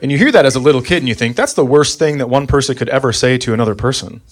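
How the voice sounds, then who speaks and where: On a comedy club stage, with the audience laughing, a man in his thirties rattles through exasperated family-life stories, acting out quoted lines. He races along at a medium pitch, and the live recording carries clear ambient noise.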